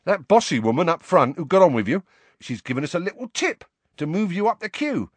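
A man's voice: on the high side, sing-song, brisk, breathy edge, dry recording, voice pushed up. A man voicing a cheery, chatty young male bus conductor who gossips in slangy, ungrammatical speech. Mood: bright.

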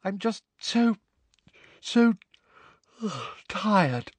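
A man's voice: mid-range voice, huge pitch swings, normal speed, slightly rough, no echo, pitched above the performer's own voice. A man doing a tired, earnest schoolgirl. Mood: sleepy. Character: earnest bookish teenage girl, tired but kind.

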